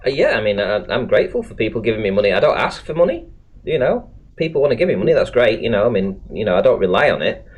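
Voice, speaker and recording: A man's voice: fairly low pitch, big pitch swings, quick pace, slightly rough, lo-fi sound. A man hosting a live stream chat, talking bluntly, swearing freely and laughing often. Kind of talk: casual chat.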